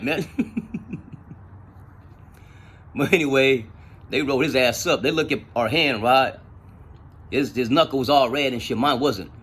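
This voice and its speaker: A man telling stories in casual, profane street slang, with an animated retelling style. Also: medium pitch, slight background noise. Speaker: storyteller. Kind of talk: casual storytelling.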